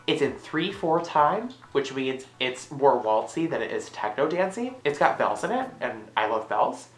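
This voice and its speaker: A hyper, sassy woman rambling through a random comedic vlog, her low voice swinging wildly and jumping into shrill squeals. She sounds like she is in an echoey room with faint music behind her. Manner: hyper, sassy, bursts into loud squealed exclamations. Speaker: vlogger. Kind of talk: random comedic monologue to camera.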